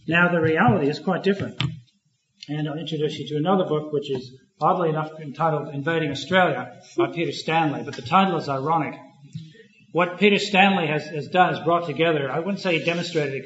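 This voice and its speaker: Man, slightly high voice, halting academic lecturer, echoey and dull lo-fi room recording. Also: a bit bright, slight background noise. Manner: thoughtful, halting, with many restarts and fillers.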